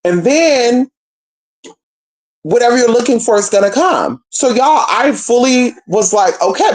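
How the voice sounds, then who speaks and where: A young woman telling a story to her viewers in a casual, profane, animated way, calling them y'all and girl. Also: medium pitch. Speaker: spiritual practitioner.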